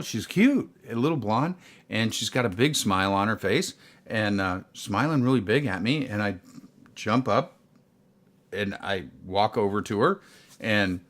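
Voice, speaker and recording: A man's voice: fairly low pitch, a bit bright. A man who works as a casino pit boss, telling a rambling work story full of fillers. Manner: rambling, filler-heavy anecdote. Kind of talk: casual storytelling vlog.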